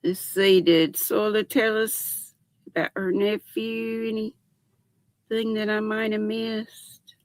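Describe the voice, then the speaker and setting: A woman's voice: mid-range voice, little pitch movement, slow pace, dry recording. An older woman hosting a casual livestream from home, chatting with viewers and greeting each one by name. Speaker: livestream host.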